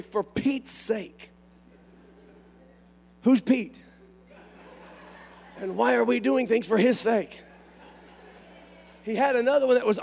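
Male pastor with a very high voice, fiery sermon delivery that builds to shouts. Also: vocal fry. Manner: impassioned, rising to shouts, drawn-out emphatic phrases.

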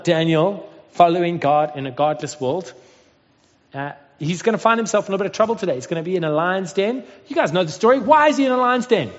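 A man in his thirties preaching a sermon, telling a family story with animated acted-out voices. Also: high voice. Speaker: pastor. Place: Cape Town. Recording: dull sound with long hall reverb.

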